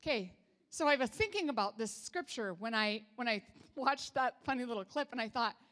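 Woman pastor, high bright voice, chatty sermon, church hall reverb. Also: animated, brisk. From Canada. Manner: chatty and humorous, with asides to the congregation. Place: church sanctuary.

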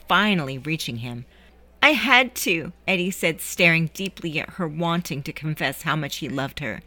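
Low-voiced woman narrating a story. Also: fairly bright tone. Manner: measured, storytelling. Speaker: podcast narrator and host. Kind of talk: scripted narration.

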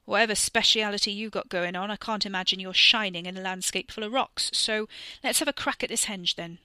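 A woman voicing a sardonic teenage boy with a dry, mocking edge. The voice is bright and crisp, recorded close in a dry room. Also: medium pitch, brisk, no echo, lightly acted. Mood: pushy.

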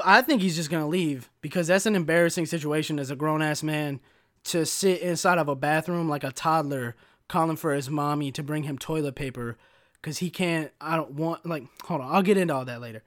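Young male podcast host, brash solo rant, slightly high voice, heavy swearing and slang. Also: brisk. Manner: profane, animated, slangy ("bro", "dude"). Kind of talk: casual solo storytelling rant.

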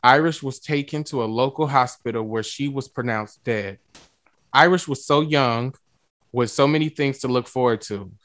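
A man hosting a music and talk radio show, lively and playful, with slang and drawn-out emphasis. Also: medium pitch, dry recording.

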